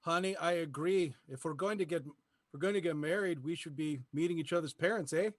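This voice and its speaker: A man's voice: fairly high pitch, fairly quick, no echo, close to an everyday voice. A man playing a Canadian boyfriend in an improv scene, short replies that end in "eh". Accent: Canadian put-on. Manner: terse, ends lines with "eh". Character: laid-back Canadian boyfriend, a Mountie type. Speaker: improv performer.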